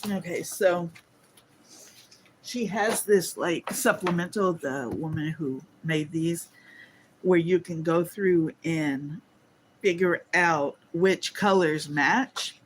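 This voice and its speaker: Slow, drowsy woman chatting. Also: lowish voice, a little hiss or hum. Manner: chatty, yawning, addresses viewers as y'all. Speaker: livestream host. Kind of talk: casual livestream chat. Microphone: phone on a holder.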